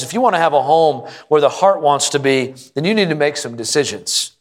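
A male pastor preaching a sermon to a congregation, emphatic and rising in pitch on repeated lines. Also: animated, normal speed, vocal fry, hardly any pauses, long reverb tail.

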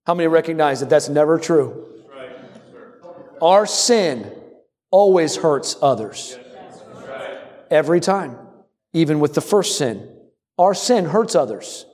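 High-voiced pastor preaching in an echoing hall. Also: male voice, a little slow, long pauses. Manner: animated, calls on the congregation to respond. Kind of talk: sermon.

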